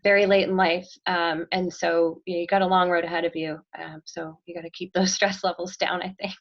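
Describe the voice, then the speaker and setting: Speaking fairly quickly in a lowish voice with little pitch movement, a marketing executive guesting on a podcast gives a relaxed, reflective interview full of ums and soft laughs. The audio is dull.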